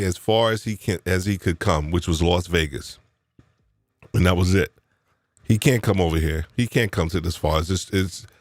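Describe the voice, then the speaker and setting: On a dry recording, a low-pitched New York man hosts a live podcast chat. He banters and teases his guests in a playful way, reflecting as he talks with lots of fillers and restarts.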